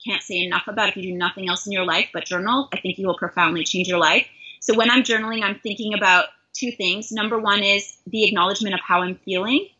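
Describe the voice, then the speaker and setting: Woman from Canada, middle-aged, life coach guest, earnest and heartfelt, husky breathy voice, dull lo-fi sound. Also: medium pitch, fairly even intonation, quick pace, sharp tone. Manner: earnest, heartfelt and self-reflective. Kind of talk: reflective interview conversation. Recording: dull lo-fi recording.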